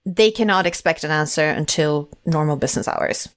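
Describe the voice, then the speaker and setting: A woman's voice: low-pitched, normal speed. A woman from Sweden, co-hosting a podcast in casual chat and acting out quoted replies as she tells stories. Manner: animated storytelling, acts out quoted replies. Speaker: podcast co-host.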